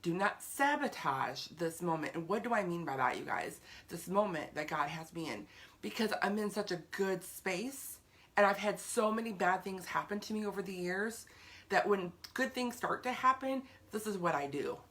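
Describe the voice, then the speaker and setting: A woman's voice: medium pitch, animated, normal speed, fairly bright tone. A woman giving an earnest, chatty talk on faith to her viewers, often repeating herself for emphasis. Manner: greets live viewers by name. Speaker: faith vlogger.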